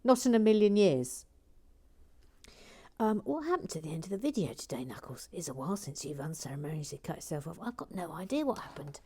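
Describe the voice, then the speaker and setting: This LEGO channel host, a middle-aged woman, chats a little fast as she builds and reads viewer comments aloud. Her low voice is warm, relaxed, and slightly rough, and her dry humor often trails off into soft, half-whispered mumbling to herself.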